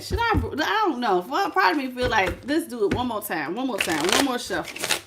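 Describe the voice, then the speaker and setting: A middle-aged woman speaks in a fairly high voice as she runs a casual tarot livestream. She greets viewers by name, calls them baby, and shifts into prayerful invocations before drawing cards. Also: lively intonation, moderate pace, very noisy. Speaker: tarot reader.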